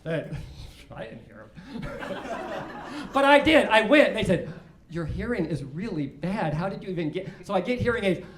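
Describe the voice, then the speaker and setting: A man's voice: high-pitched, animated, measured pace, fairly bright tone. Man telling dry stand-up jokes. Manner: dry, self-deprecating storytelling with frequent laughs. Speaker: stand-up comedian. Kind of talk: stand-up comedy set. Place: comedy stage before a live audience. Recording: roomy club sound.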